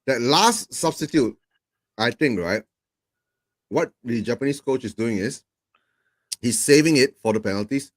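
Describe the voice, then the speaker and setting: A man chatting casually over a video call while watching football, relaxed and quick to laugh. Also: mid-range voice. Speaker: guest co-watcher.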